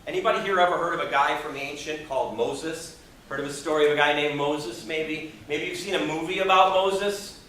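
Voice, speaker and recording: A man giving a motivational speech to a live audience in a meeting room, expressive and asking the audience questions. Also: on the high side, fairly quick, a little hiss or hum. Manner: expressive, acts out quoted people, audience questions. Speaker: Toastmasters speaker. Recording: echoey room from far off.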